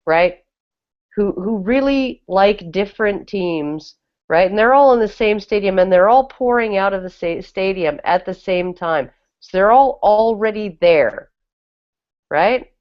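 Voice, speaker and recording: A woman's voice: mid-range voice, a little slow. A woman co-hosting a casual podcast, rambling and restarting her sentences, often checking in with "right?". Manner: rambling, repeats words, frequent "right?". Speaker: podcast co-host. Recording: dull lo-fi podcast audio.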